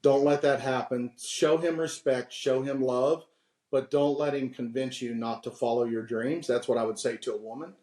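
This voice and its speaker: A man's voice: mid-range voice, fairly even intonation, moderate pace, mellow, echoey room. A man in his fifties, a podcast guest, telling candid stories with frequent laughs and giving preachy advice. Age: 50s.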